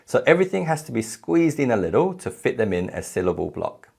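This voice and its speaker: Gravelly, lively male language teacher. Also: mid-range voice. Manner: clear, measured explanation with spoken examples. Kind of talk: recorded lecture.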